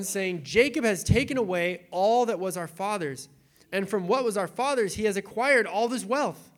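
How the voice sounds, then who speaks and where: A young adult man preaching in a casual, animated way, retelling scripture with acted-out quotes. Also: high voice. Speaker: pastor.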